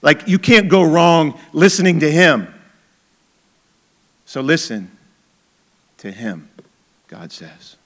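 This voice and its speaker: Pastor, male, middle-aged; slightly high, bright voice; chatty sermon delivery with emphatic points. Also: very animated, takes it slowly, long pauses. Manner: conversational, chuckling asides, emphatic.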